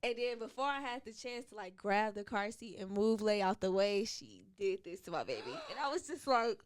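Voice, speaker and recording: A young woman co-hosting a podcast, telling a story in casual chat and acting out quotes in high voices, swearing freely. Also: expressive, normal speed, no echo. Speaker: podcast co-host.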